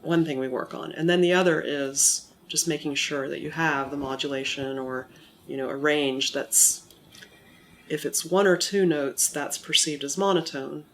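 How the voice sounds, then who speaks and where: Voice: mid-range voice, fairly even intonation, fairly bright tone, slight background noise. Teacherly speaker with a lingering cold. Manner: measured, teacherly explanations. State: recovering from a cold, somewhat monotone. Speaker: accent modification instructor. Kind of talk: explaining in an interview.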